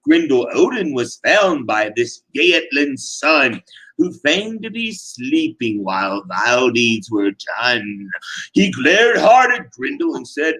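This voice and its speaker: A man's voice: mid-range voice, very animated, takes it slowly, pushed and bright, low-quality recording. A man giving a dramatic reading of a rhyming tale with a theatrical, sing-song delivery. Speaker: reader.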